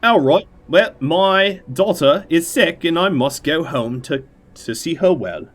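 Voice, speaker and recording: A man's voice: on the high side, animated, unhurried, voice pushed up. A man putting on a hammy fake-Cockney distraught father. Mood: pleading. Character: distraught working father, middle-aged man.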